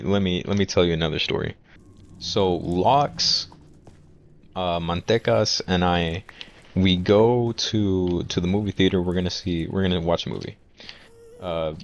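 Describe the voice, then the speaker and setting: A man's voice: sits low, a little hiss or hum. A young man casually rambling through a storytime vlog, full of restarts and fillers. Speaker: vlogger.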